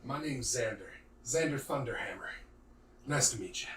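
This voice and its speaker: Brief: man playing an eager, rambling dwarf admirer in a tabletop game, bright voice, roomy room. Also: mid-range voice, lively intonation, moderate pace, lightly acted. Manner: chatty, rambling, starstruck. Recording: roomy, distant mic, faint noise.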